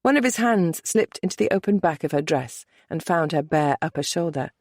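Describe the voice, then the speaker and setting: A woman reads romance narration softly and in measured phrases. Her voice sits on the lower side. The recording is dry and close, with no room sound. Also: expressive, dry recording. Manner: soft, measured, intimate. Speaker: audiobook narrator.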